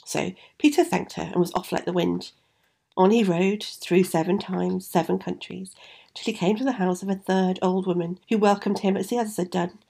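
A woman reads a fairy tale aloud at an even, expressive pace. Her voice has a gravelly edge and a husky grain. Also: fairly low pitch, normal speed. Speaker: storyteller.

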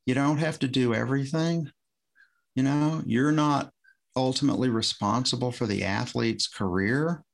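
A man's voice: mid-range voice, normal speed, creaky. A man, a former swim coach, chatting on a podcast in a rambling, self-interrupting way, often restarting his sentences. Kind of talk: casual podcast conversation.

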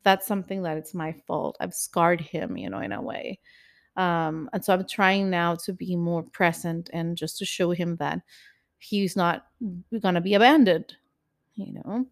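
A woman's voice: fairly low pitch, measured pace, vocal fry. A woman co-hosting a podcast, talking candidly and reflectively in casual conversation. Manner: candid, confessional, self-reflective. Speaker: podcast co-host. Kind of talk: casual chat.

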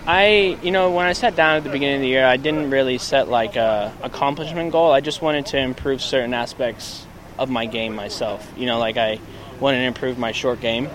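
A male pro golfer from England giving a soft-spoken post-round interview outdoors, full of "you know" and "um". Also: medium pitch, a little fast. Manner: soft-spoken, lots of fillers.

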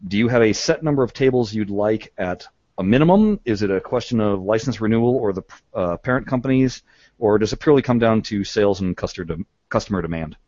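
A man hosting a podcast in casual chat. He is chatty, laughs often and fills his pauses with "uh". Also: lowish voice, darkish tone, no room sound, dull audio. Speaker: podcast host.

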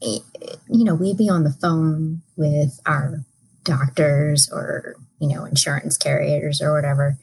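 A woman's voice: low voice, steady tone, measured pace, darkish tone, rough recording. A woman co-hosting a podcast in laid-back casual chat, with hesitant, short replies. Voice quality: very breathy, husky. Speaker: podcast co-host.

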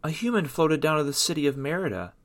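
A man voicing a brave, stubborn young girl mermaid in a storybook reading, speaking high and insistent. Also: big pitch swings, fast. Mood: earnest.

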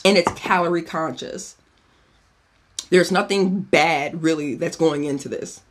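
A man's voice: a little high, unhurried. A man hosting a podcast in a casual chat, giving a cocktail recipe in a chatty, profane way and drifting off on tangents. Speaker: podcast host.

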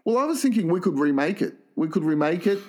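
A man co-hosting a comedy podcast, pitching absurd ideas in a deadpan way. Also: fast talker. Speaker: co-host.

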